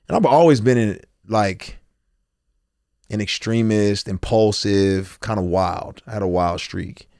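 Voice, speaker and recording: Low-voiced man telling a candid story. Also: unhurried, dry recording, studio quality. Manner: animated storyteller, acts out quotes. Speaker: guest.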